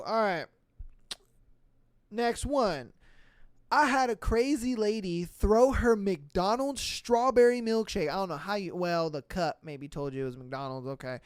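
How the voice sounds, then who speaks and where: A woman hosts a casual podcast, reading listener stories and breaking into swearing, acted-out voices for the people in them. Her pitch sits in a medium range. The recording is dry and close, with no room sound. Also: dry recording. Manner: animated, profane, acts out quoted voices. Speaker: podcast host.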